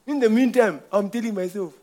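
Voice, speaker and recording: A man's voice: sits high, brisk, a little mellow. A man giving an informal church testimony, telling a rambling story with frequent chuckles.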